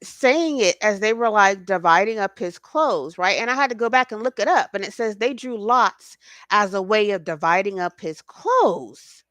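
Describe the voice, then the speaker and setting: A woman's voice: medium pitch, animated, normal speed, fairly bright tone, no room sound. Passionate, profane woman spiritual host. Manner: talks to her audience directly, checks in with "okay?". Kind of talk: casual spiritual talk.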